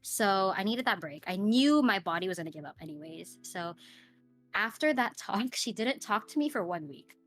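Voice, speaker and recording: A woman's voice: medium pitch, animated, moderate pace, fairly bright tone, soft background music. A young woman, a streamer and podcast guest, telling a personal story in a casual interview. She fills her talk with "like" and "right?" and acts out the lines of the people in it. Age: young adult. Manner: chatty, fills speech with "like" and "right?".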